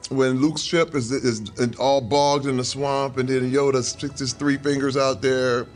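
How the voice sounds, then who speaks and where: Man, middle-aged, earnest and reflective, mid-pitched voice, faint music behind. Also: fairly even intonation, a little slow. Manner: earnest, reflective storyteller, chuckling at times. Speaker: interview guest. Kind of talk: casual conversation over a meal.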